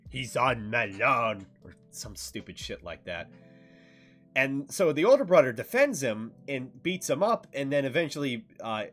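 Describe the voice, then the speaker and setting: A man chats casually on a stream, walking through a game's story in a loose, profane way. His pitch swings up and down a lot as he talks, broken up by frequent fillers and restarts. Faint music plays in the background. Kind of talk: casual stream chat, recapping a game.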